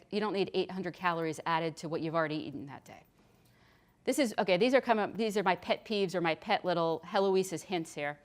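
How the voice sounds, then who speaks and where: A middle-aged woman nurse practitioner giving a chatty, practical health lecture. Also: lowish voice. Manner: chatty and practical, with frequent restarts. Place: hospital lecture room.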